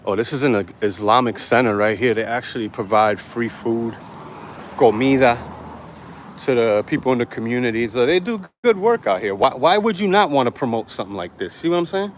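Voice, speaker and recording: A man's expressive, brisk mid-range voice carries through a live-streamed walking vlog shot on a handheld phone along city sidewalks. Sweating in the heat, he talks to camera brashly, defiantly and with plenty of profanity. Faint street traffic ambience sits behind him.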